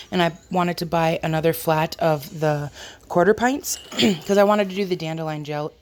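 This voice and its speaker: Woman, casual kitchen vlog, fairly low voice, slightly squeaky, self-deprecating, faint background noise. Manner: chatty, self-deprecating, talks while working. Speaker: homestead vlogger. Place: home kitchen.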